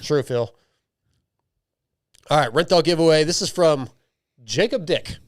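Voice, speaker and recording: A man's voice: on the high side, unhurried, no room sound, clean studio sound. Loose-talking male podcast host. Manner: loose, joking, many restarts. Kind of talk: casual chat, reading listener emails.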